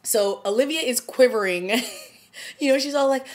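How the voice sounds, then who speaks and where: A woman's voice: high-pitched, normal speed. Chatty woman gushing over a TV episode. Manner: animated, chatty, laughs often, acts out scenes. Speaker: TV review vlogger. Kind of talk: casual TV episode review.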